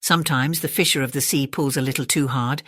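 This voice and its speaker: A calm storyteller reads a classic children's tale at bedtime in a mid-pitched voice. The recording is dry and close, with no room echo. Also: brisk.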